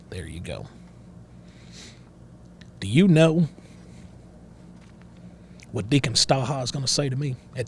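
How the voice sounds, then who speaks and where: A man voicing a bigoted, stern middle-aged backwoods father with a slow, drawling rural Southern accent and a lecturing manner. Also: mid-range voice, slight background noise. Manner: lecturing, interrogating, self-righteous. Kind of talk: improvised character voice on a livestream.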